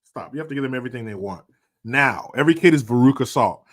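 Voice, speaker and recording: A man streaming and commenting casually, sarcastic and profane, often getting loud and animated. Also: medium pitch, fast.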